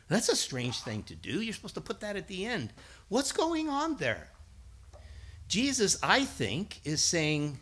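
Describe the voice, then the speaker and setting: A man's voice: high voice, wildly swooping pitch, a little slow, fairly bright tone, slightly rough. A middle-aged man giving a sermon, telling stories and acting out voices, building to emphatic peaks. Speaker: guest preacher and schoolteacher.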